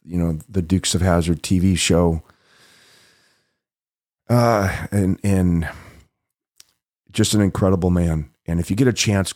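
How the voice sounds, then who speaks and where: Middle-aged guy on his podcast, lowish voice, chatty storytelling, laughs a lot. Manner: warm reminiscing, laughing often, acts out quoted voices. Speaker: podcast host. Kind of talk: casual storytelling.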